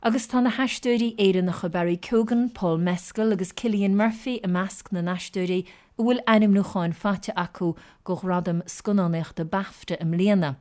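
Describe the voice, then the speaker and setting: A woman reading a radio news bulletin in a measured, formal way. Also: mid-range voice, steady tone, a little mellow. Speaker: newsreader.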